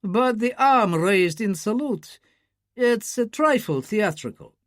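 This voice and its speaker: Measured, worldly spymaster, read by a male narrator, unhurried, lively pitch. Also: dry recording, clean studio sound, exaggerated voice. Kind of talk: audiobook character reading.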